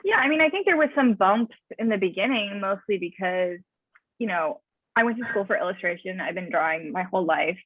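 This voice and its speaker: A woman's voice: mid-range voice, expressive. Woman on a tinny, phone-like line. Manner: measured, hesitant with ums. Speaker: comic artist guest. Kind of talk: casual interview chat.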